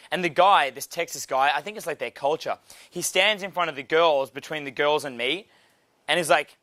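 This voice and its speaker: Brash Australian man with a bright voice. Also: fairly high pitch, normal speed, dry recording, clean studio sound. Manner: brash, swearing, animated storytelling. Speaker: dating coach. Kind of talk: casual instructional talk.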